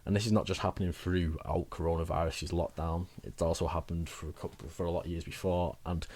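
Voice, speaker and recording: A man's voice: low-pitched, level tone, fairly quick, darkish tone, slightly rough. A young man giving rambling, chatty advice in a casual vlog, laughing at himself now and then. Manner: chatty, rambling, self-mocking with frequent laughs. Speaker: wellbeing vlogger.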